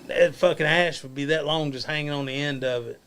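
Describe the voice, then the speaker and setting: A man's voice: a little high, a little fast, a little hiss or hum. A man guesting on a podcast, a former wrestler telling profane backstage stories with lots of swearing. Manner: crude, swearing and animated, laughs at his own tales.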